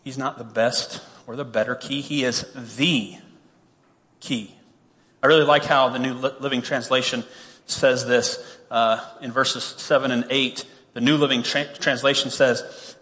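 A man's voice: medium pitch, steady tone, unhurried, fairly bright tone, big-room sound. A man preaching a sermon, reading scripture and then explaining it in a conversational way, with humorous asides. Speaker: pastor.

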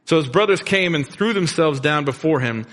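Relaxed middle-aged male pastor, reverberant hall. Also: a little high, moderate pace. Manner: casual, conversational storytelling with plain slang. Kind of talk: sermon. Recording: long reverb of a large room.

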